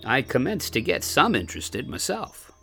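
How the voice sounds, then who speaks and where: Expressive male storyteller, lively pitch. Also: moderate pace, gravelly, husky, soft background music. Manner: expressive, old-fashioned storytelling. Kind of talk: first-person story reading.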